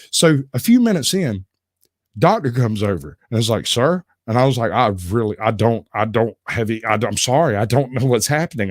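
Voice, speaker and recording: A livestream host speaks at a medium pitch, recorded with studio quality and no room sound. He tells rambling stories in a casual chat, giggling often along the way.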